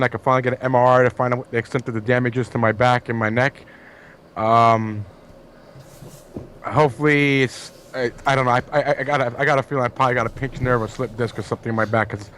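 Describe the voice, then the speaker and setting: A man's voice: mid-range voice, fairly even intonation, brisk, fairly bright tone, a little hiss or hum. A man co-hosting a casual online show, talking bluntly and cursing a lot over a voice call. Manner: blunt, profane. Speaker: co-host.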